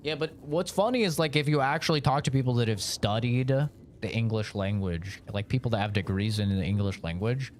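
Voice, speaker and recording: American guy rambling on stream, swears a lot, mid pitch, faint hum behind. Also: brisk, hardly any pauses, a little mellow. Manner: rambling, joking, swears freely. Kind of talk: casual live-stream chat.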